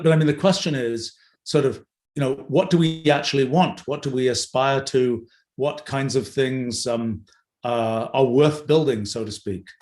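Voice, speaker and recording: A man's voice: medium pitch, a little mellow. Older guy answering questions live, lots of uhs and restarts, echoey room. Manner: rambling and thoughtful, many fillers and restarts. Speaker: host answering audience questions. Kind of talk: unscripted livestream Q&A. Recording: roomy echo.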